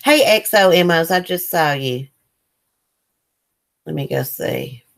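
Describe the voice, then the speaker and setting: A woman's voice: lowish voice, animated, slow. A woman hosting a casual morning livestream, chatting loosely and reading viewer comments aloud. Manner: loose, rambling with fillers. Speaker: livestream host. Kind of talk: casual live chat.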